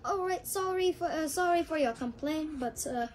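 A woman's voice: high voice, moderate pace, slight background noise, natural voice. A woman doing a stammering cashier with a put-on Chinese accent. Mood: evasive. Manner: hesitant, full of uhs, apologetic. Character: cash-loving restaurant cashier, evasive.

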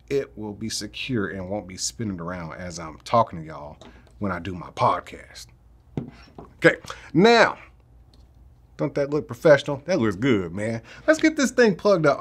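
A man's voice: medium pitch, breathy edge. A man giving a casual, laid-back product review, who jokes with viewers and calls them y'all and man. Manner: says man and y'all a lot. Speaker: tech reviewer.

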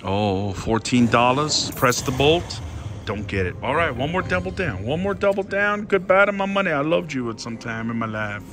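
A man commenting excitedly on his own slot machine play, talking to his viewers and swinging between hushed worry and loud outbursts. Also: mid-range voice, normal speed.

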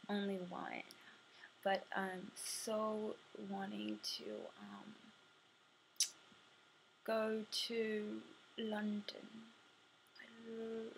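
A woman's voice: medium pitch, a little hiss or hum, poor audio. Chatty young woman vlogger. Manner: chatty, drifting between soft murmurs and bright bursts. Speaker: vlogger answering a tag. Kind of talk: casual chat to camera.

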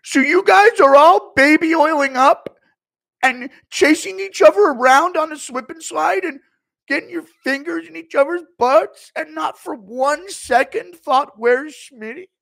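A streamer voicing a whiny, self-pitying grown man who shouts his grievances in a high, strained voice. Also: creaky, exaggerated voice. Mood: whining. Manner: high-pitched, shouty, drawn-out whining. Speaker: streamer doing impressions.

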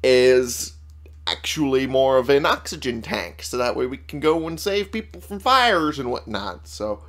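This let's-play streamer is a young man with a Texas accent who narrates gameplay casually, swearing, being sarcastic, and leaning on fillers. He speaks a little slowly but animatedly, in a mid-range, slightly bright voice.

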